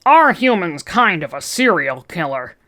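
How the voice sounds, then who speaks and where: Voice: mid-range voice, big pitch swings, a little slow, pushed and bright. A reader voicing a laid-back, teasing male skeleton creature in a fan story read aloud, speaking with an easygoing drawl. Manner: easygoing drawl, calls others buddy.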